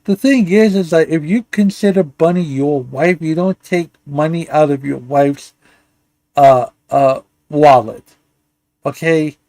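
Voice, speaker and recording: A man's voice: a little high, a little slow, mellow, no echo. Ranting, stammering male stream host. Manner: angry, insulting, stammers and restarts. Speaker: livestream commentary host. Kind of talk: profane ranting stream talk.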